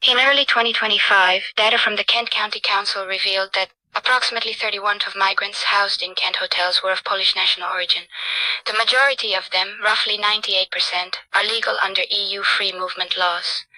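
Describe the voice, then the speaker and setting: Woman reading out numbers, flat factual delivery, super bright voice. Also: mid-range voice, dry recording, rough recording. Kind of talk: scripted narration of statistics.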